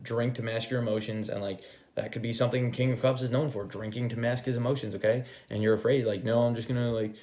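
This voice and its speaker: Profane, animated man reading tarot. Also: fairly low pitch. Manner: profane, animated, acts out quoted voices; repeats a checking "okay?". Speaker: tarot reader. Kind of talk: casual tarot reading to camera.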